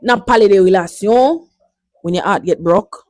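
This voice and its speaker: A vlogger in her twenties with a Jamaican accent chats playfully with her viewers, switching between languages as she goes. Her mid-range voice has a darkish tone and a moderate pace, captured in studio-quality audio with no echo.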